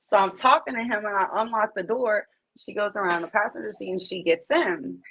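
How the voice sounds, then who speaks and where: A woman talking as a podcast guest, telling her story in a blunt, profane, streetwise way. She is an animated storyteller with a mid-range voice, and she keeps the conversation casual. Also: mid-range voice, brisk, slight background noise, poor audio.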